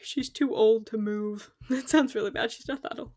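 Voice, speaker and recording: A woman's voice: a little high, steady tone, moderate pace, dark tone. Giggly young woman streaming a game. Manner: chatty and giggly, laughs often at herself. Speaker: live streamer. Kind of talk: casual chat while playing a game.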